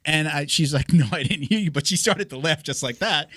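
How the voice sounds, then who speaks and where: A man in his forties, a podcast host and coach, talking in a relaxed, rambling and self-deprecating way. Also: a little high, brisk, few pauses, no room sound. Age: 40s. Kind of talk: casual podcast conversation.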